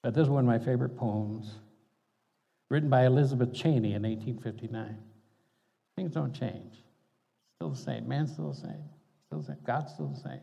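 A man's voice: mid-range voice, lively intonation, moderate pace, creaky, pauses often, warm tone, slightly rough. An older man, a pastor telling stories in a folksy, conversational sermon, chuckling between points. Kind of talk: storytelling sermon. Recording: dull reverberant hall sound.

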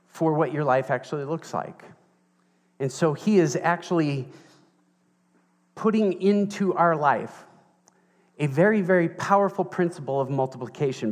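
A man preaching a sermon as pastor, playful and animated as he tells a story. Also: a little high. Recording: reverberant hall with music underneath.

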